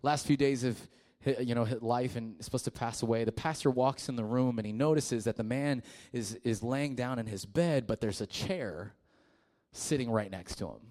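A man preaching to a youth group in a casual, conversational way, sometimes dropping to a hushed voice for a story. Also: medium pitch, normal speed. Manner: casual and conversational, with fillers and restarts; drops to a quiet, hushed voice in the story. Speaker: youth pastor.

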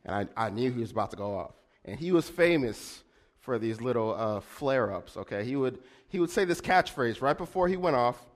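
A young man doing a stand-up set, telling a personal story to the crowd. He talks in a chatty way, keeps checking in with the audience and acts out a brother's outbursts with loud sudden bursts. His voice sits at an ordinary pitch for a man. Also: animated, normal speed. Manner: chatty, addresses the audience with frequent "all right?". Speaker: stand-up comedian.

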